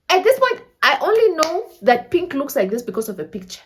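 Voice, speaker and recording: A young woman from Namibia tells a storytime vlog. Her voice sits a little high and swings widely as she plays out everyone's lines, dropping local slang along the way. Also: moderate pace. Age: 20s. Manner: animated, acting out the other people in her story. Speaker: storyteller vlogger. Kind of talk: casual storytime chat.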